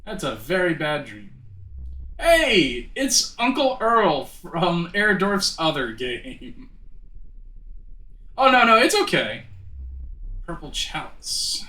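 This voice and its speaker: This live-streaming gamer speaks slowly and pauses often, his voice on the high side, very animated, bright and forceful. He chats with viewers, laughs often and trips over his words, in a roomy room with game music behind.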